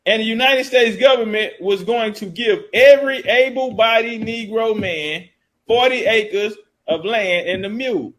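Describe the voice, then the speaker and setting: A man's voice: sits high, unhurried, fairly bright tone, low-quality recording. A man giving casual history commentary, reading source passages aloud and riffing on them in loose, profane street talk.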